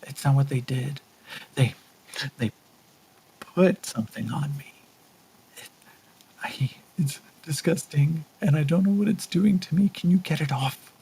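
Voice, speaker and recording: A frightened young captive woman stammers out rushed, breathy pleas in a raised, husky voice, as a man puts her on. The talk tumbles fast and breaks into repeated words. It is a tabletop role-play voice. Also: on the high side, flat delivery, darkish tone, poor audio. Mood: frightened, pleading. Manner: panicked, stammering pleading.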